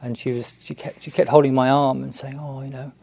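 A man, a Buddhist monk, telling a story in a halting, unhurried way with many restarts and fillers. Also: mid-range voice, level tone, gravelly, darkish tone. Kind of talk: storytelling talk.

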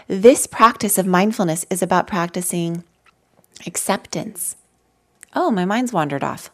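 A woman with a slightly low voice gives a live mindfulness talk to an audience. She speaks gently and conversationally and weaves her own stories through the teaching. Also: lively intonation, measured pace. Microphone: handheld mic.

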